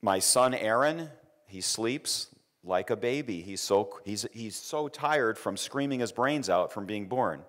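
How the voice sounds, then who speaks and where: Low-voiced man telling a lecture story. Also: animated, measured pace, a bit bright. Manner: anecdotal, repeats words, quotes others in raised voice. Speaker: engineering lecturer.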